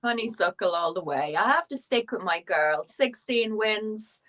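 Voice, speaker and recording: A woman's voice: mid-range voice, animated, measured pace, fairly bright tone. A woman on a racing panel, speaking emotionally and pleading for her favourite horse. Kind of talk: passionate casual chat.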